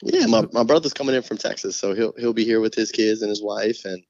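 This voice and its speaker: A man hosting a podcast, telling stories in a relaxed, casual way. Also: on the low side, fast talker, no room sound, lo-fi sound. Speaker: podcast host. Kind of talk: casual chat.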